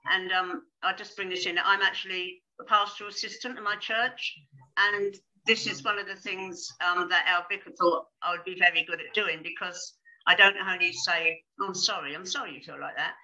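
Bright-toned older woman, earnest. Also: on the low side, level tone, moderate pace, highs cut off. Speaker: retired pastoral assistant, guest. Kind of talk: casual podcast chat.

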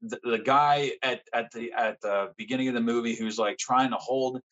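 A young man as a podcast guest, frankly telling a personal story in casual conversation, swearing often and pausing with fillers. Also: mid-range voice, fairly even intonation, fairly bright tone, dull audio.

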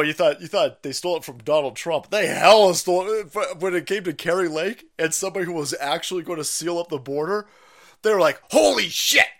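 A man hosting a ranting political livestream, loud and mocking, laughing often and mimicking other people's voices. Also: a little high. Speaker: livestream host.

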